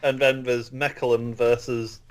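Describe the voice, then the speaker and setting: Man, podcast guest, wry, hesitant, mid pitch. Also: little pitch movement, measured pace, a little hiss or hum. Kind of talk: casual football chat.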